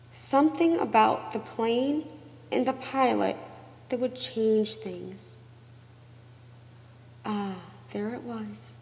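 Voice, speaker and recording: A woman's voice: on the high side, vocal fry. Woman narrating a novel, reverberant sound. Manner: measured, expressive storytelling. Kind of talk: audiobook narration. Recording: long reverb.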